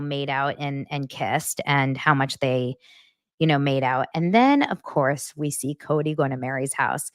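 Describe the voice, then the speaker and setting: A woman hosting a podcast, recapping reality TV in a blunt, animated and profane way. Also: sits low, no echo, studio quality. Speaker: podcast host.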